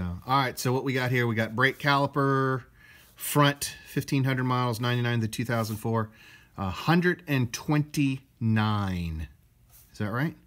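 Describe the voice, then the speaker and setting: A man's voice: mid-range voice, a bit bright. A man hosting a do-it-yourself car repair video, narrating casually and chatting to himself with jokey asides as he works in a garage. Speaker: DIY car repair host. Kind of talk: casual how-to narration while working.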